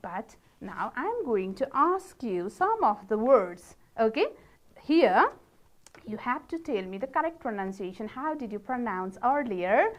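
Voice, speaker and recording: A woman teacher with a Nepali accent leading a pronunciation lesson, modelling each word slowly and praising her pupils. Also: a little high, big pitch swings. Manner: slow, drawn-out model words with encouraging praise. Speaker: English teacher.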